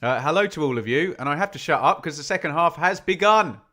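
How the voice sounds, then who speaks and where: A man's voice: fairly high pitch, expressive, fast talker, bright, forceful tone. Chatty man hosting a live football stream. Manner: chatty, self-deprecating, reads out chat messages. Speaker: football fan watch-along host. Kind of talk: live stream chat with viewers.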